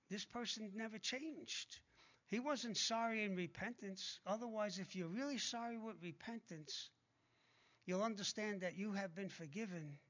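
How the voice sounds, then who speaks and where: A man's voice: sits high, fairly bright tone, highs cut off. A man preaching a sermon in an emphatic, conversational way, with blunt asides between scripture readings.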